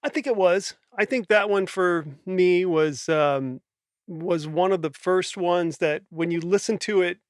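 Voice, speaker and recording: Higher-voiced man reminiscing casually. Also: measured pace, clean tone, no echo, studio quality. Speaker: guest musician.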